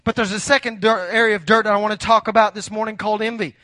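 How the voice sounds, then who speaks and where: A man's voice: sits high, little pitch movement, fast talker, bright, forceful tone, no echo. A man preaching a morning sermon, moving from earnest warnings to a long joke told with character voices. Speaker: pastor.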